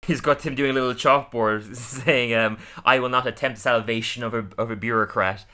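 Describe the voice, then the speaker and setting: Podcast co-host, male, bright tone, animated recap with frequent laughs. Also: mid-range voice, a little hiss or hum. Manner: animated, laughs often, acts out lines in quick voices. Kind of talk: casual episode recap.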